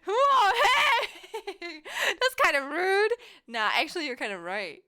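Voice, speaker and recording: Giggly high-pitched young woman streamer. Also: very animated, takes it slowly, sharp tone. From Germany. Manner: giggly, laughs often, rambling and playful. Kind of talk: casual live-stream chat with viewers.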